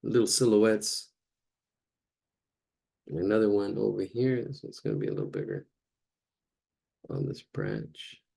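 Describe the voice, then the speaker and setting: A man's voice: fairly low pitch, wildly swooping pitch, unhurried, vocal fry, pauses often, dark tone, husky. A man teaching a casual live drawing lesson, chatting and thinking aloud as he sketches.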